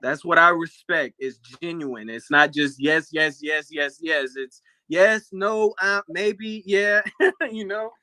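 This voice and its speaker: A man with a high-pitched voice, speaking as a guest in a casual interview. He talks in an animated, emphatic way and laughs often. The sound is close and dry. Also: slow, no echo.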